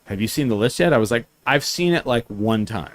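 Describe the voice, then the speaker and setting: A man's voice: medium pitch, lively intonation, fairly quick, no echo. Guy hosting a podcast, rambly and swears a lot, super dry close mic sound. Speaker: podcast host. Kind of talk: casual chat.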